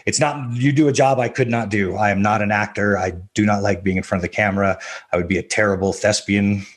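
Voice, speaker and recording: A middle-aged man, a coach, telling stories on a podcast in a casual, animated, self-deprecating way. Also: lowish voice, fast. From US Southwest. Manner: animated, self-deprecating, laughs often, acts out quoted voices. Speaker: MMA coach, podcast guest. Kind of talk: casual storytelling interview.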